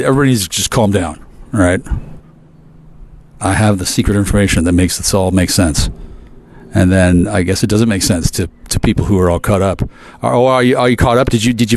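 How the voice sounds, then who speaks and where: A man's voice: lowish voice, quick pace, a little hiss or hum. A man ranting at length to his viewers, profane and aggressive, with frequent stammering restarts. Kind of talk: rambling profane rant to camera.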